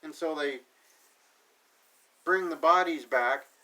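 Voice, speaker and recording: A man with a slightly high voice runs through an episode recap, dry and sarcastic, tossing off loose paraphrases of what everyone says. He sounds set back from the microphone, so the voice carries a little distance. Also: slow, bright, forceful tone. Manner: sarcastic, paraphrases characters offhandedly. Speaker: TV episode reviewer.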